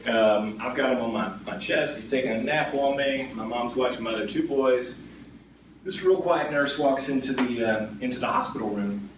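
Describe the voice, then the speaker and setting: A man's voice: mid-range voice, moderate pace. A middle-aged man, a guest insurance agent telling stories to an audience in a conversational way, often asking "right?". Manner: conversational, frequently adds "right?" tag questions. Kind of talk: storytelling talk to an audience. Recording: echoey room, distant mic, background noise.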